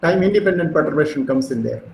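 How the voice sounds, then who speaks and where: Animated high-voiced male lecturer. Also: quick pace, creaky, echoey room, slight background noise, rough recording. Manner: animated, storytelling, frequent fillers. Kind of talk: physics lecture.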